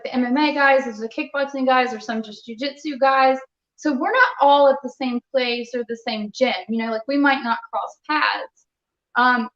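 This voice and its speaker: A young adult woman, a fighter being interviewed, telling a story in a lively, casual way and acting out what others said. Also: sits high. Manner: animated, quotes others in conversational retelling. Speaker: muay thai fighter, interview guest. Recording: roomy, slightly dull sound.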